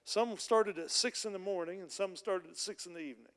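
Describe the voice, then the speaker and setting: High-voiced pastor in a reverberant church. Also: male voice, a little fast, a bit bright. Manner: retells a parable in plain storytelling with everyday speech. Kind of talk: sermon.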